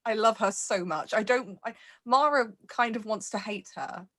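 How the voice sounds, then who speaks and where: A woman's voice: on the high side, moderate pace, pushed and bright. A woman chatting playfully with fellow players about their characters after a tabletop game session. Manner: playful, laughs often. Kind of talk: casual chat.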